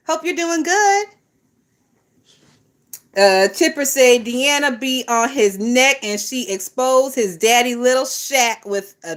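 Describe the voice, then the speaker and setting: A woman's voice: high-pitched, a bit bright. A woman hosting a gossip livestream, talking casually and profanely with lots of laughter and mocking asides while reading viewer comments.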